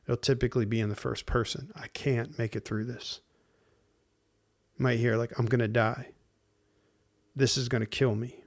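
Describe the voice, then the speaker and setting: A man's voice: medium pitch, little pitch movement, normal speed, gravelly, pauses often. Casual, down-to-earth male preacher. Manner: conversational, uses slang like dude and man; acts out inner voices in hushed asides. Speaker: pastor. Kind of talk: casual sermon.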